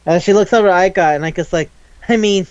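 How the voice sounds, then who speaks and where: A man with a fairly high voice chatting loosely about an anime, swearing freely and tossing off quick character voices as he retells scenes. The sound is dry and a little dull, close to the mic. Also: clean tone, no room sound. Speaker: podcast co-host. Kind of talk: casual chat recapping an anime.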